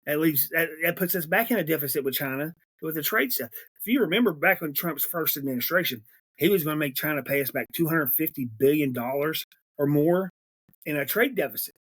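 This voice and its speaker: A man's voice: on the high side, expressive, a little fast, fairly bright tone, slightly rough. A man hosting a political podcast, ranting emphatically and repeating himself when aggravated. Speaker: podcast host. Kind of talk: political commentary rant.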